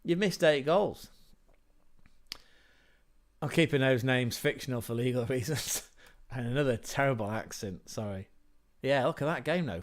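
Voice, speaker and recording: A man hosts a casual livestream, talking loosely and drifting between thoughts. His voice sits at an ordinary middle pitch, and he fills the chat with joking asides and the occasional swear word. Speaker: livestream host.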